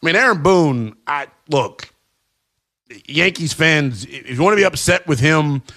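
A man's voice: on the high side, expressive, unhurried, pushed and bright. A man hosting a sports talk show, giving emphatic, slangy opinions to fans.

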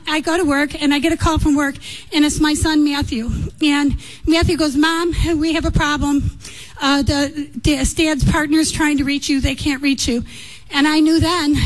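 A woman with a high, bright voice tells a long personal story. She rambles warmly, full of ums, uhs and little asides. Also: low-quality recording. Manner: chatty, rambling, many fillers.

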